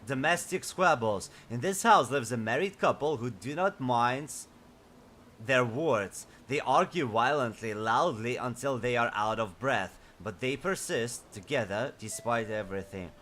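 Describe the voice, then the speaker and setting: A man's voice: medium pitch, animated, measured pace, fairly bright tone. A man who speaks natively, giving enthusiastic casual let's-play commentary and reading game texts aloud. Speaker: gaming streamer.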